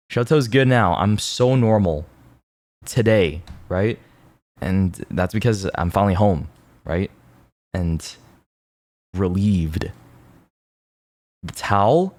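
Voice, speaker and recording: A young man streams to his viewers in loose, rambling casual chat, full of fillers and self-mocking laughs. His voice sits very low and deep. The sound is dry and close, with no room echo. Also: animated, slow pace, long pauses, darkish tone.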